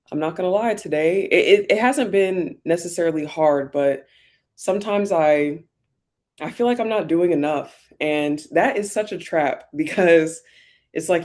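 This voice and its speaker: A woman vlogger talking candidly and reflectively while getting ready, often using fillers and sometimes close to tears. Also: low-pitched. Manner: reflective, soft-spoken, many fillers; emotional, near tears at times. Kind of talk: candid get-ready-with-me talk.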